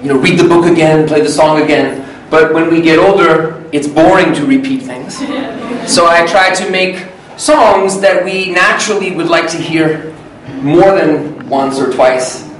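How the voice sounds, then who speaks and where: In a large hall before an audience, a man runs an English workshop for teachers and students, speaking phrases aloud to demonstrate rhythm and intonation. His voice is fairly high and his pace measured. He is far from the microphone, so he sounds distant in the echoey space, with a slight hiss or hum.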